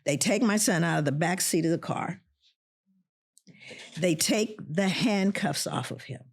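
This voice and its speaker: A middle-aged woman, a professor and podcast guest, telling a personal story in an animated way and acting out the voices of the people in it. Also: fairly low pitch, unhurried, vocal fry, husky.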